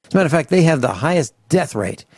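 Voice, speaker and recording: A man hosting a radio talk show, ranting in an animated, grumbling way and acting out little mock dialogues. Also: a little high, fast, breathy edge, dry recording. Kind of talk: opinionated radio talk and rant. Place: home studio on a farm. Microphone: studio microphone.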